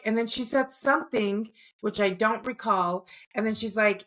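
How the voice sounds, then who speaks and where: A woman's voice: medium pitch, measured pace, fairly bright tone. Woman podcast co-host, casual and profane storyteller, mid-range voice. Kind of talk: casual chat, recounting a dream.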